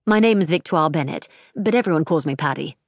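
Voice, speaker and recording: Brief: commanding, level-headed young woman, voiced by the female narrator, steady and crisp. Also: low-pitched, no echo, studio quality. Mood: calm. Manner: calm, bracing, brisk.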